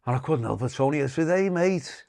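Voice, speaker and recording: An older British man, a comedian, telling profane, animated stories in casual podcast talk. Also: mid-range voice, very fast, creaky. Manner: profane, animated anecdotes, acts out quoted insults loudly. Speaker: comedian guest.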